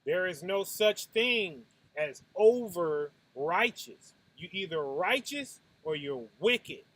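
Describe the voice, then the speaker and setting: Slow, high-voiced man preaching casually. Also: animated. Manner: keeps asking "right?", mimics punches with sound effects; swings from low and soft to loud bursts. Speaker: preacher hosting a Sabbath night talk. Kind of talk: casual conversational sermon.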